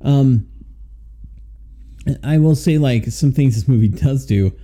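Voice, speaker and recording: A man with a deep, mellow voice, talking casually on a movie podcast. He thinks aloud in an easygoing way and fills his pauses with small words. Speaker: podcast co-host. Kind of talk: casual movie review chat.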